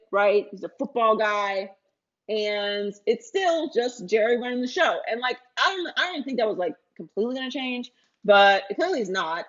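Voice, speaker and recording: A woman co-hosting a sports podcast, talking in a lively, opinionated way. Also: on the high side, dull audio. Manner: animated, opinionated. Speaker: podcast co-host. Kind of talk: casual sports talk.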